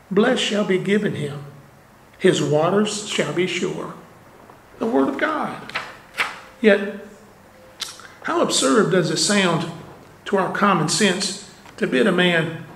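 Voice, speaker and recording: Man, pastor, sermon, high voice, slow deliberate delivery, rhetorical questions, echoey church sanctuary. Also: vocal fry, fairly bright tone. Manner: earnest preaching with rhetorical questions and asides. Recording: roomy church echo.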